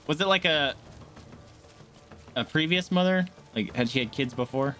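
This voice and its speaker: A man streaming a game, chatting casually and shouting and swearing at enemies, with game music behind. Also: mid-range voice, moderate pace, pauses often. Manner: excitable, yelling and swearing at enemies. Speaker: gaming streamer. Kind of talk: casual let's-play commentary.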